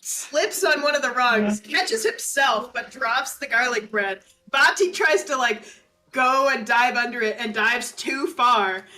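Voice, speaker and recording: Bright-voiced woman running the game. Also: a little high, measured pace, a little hiss or hum. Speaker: game master. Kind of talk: narrating a tabletop game over a call.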